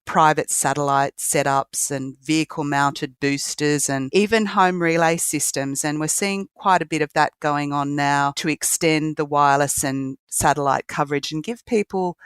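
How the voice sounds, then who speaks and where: An Australian woman writer answers interview questions with earnest, articulate explanations. Her voice is smooth and clear, and the recording is dry and close. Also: sits low, normal speed, few pauses, dry recording. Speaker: writer, guest. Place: regional New South Wales.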